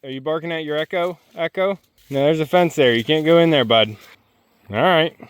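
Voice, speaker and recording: A man on a farm outdoors, gently and playfully coaxing his animals in casual talk. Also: on the high side, fairly quick, clear, resonant tone, dry recording. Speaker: homestead vlogger.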